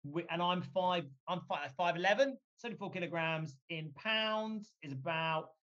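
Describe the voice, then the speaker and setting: A man speaking as a guest, telling a story in a lively, joking way and swearing casually. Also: high-pitched, normal speed, muffled recording.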